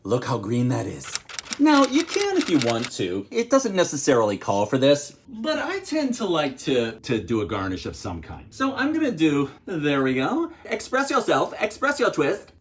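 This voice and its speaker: Man, Pittsburgh accent, middle-aged, lively swooping pitch, playful home bartending host. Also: normal speed, background noise. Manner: playful, theatrical, swoops up on counts and exclamations. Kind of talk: cocktail tutorial vlog.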